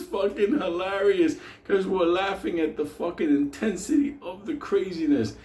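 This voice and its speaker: A man's voice: high voice, brisk, few pauses, a little mellow, reverberant. A man telling a wild story in a rowdy, profane way, often laughing as he talks.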